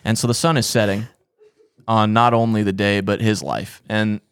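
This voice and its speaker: Low-voiced man telling a profane story. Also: steady tone, clean tone. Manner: profane, drawn-out comic storytelling. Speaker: podcast co-host. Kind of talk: casual storytelling chat.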